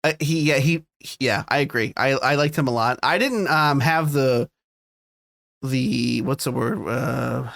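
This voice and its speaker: A man co-hosts a podcast in casual conversation, animatedly retelling scenes and swearing plenty. His medium-pitched voice is unhurried, fairly bright, and has vocal fry. There's no room sound.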